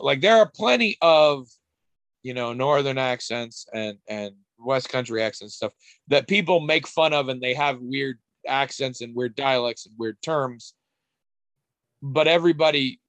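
A man's voice: medium pitch, a little slow, fairly bright tone, dry recording. A man talking in casual podcast chat, rambling and wry, with frequent restarts and casual swearing.

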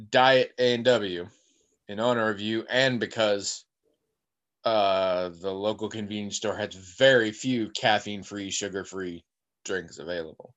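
A man's voice: fairly low pitch, fairly bright tone, lo-fi sound. A man co-hosting a podcast, chatting casually and wandering off on digressions as he tells stories. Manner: rambling, digressive storyteller. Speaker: podcast co-host.

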